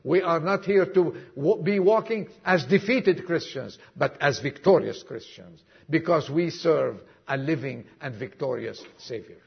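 High-voiced husky male preacher. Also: expressive, unhurried, dull audio. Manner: emphatic preaching with acted-out dialogue and sudden soft drops. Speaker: pastor. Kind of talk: sermon. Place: church congregation.

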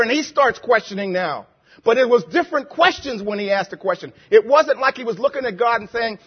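Man, preacher, sermon, raspy high voice, emphatic repetition, dull lo-fi sound. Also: lively intonation, fairly quick.

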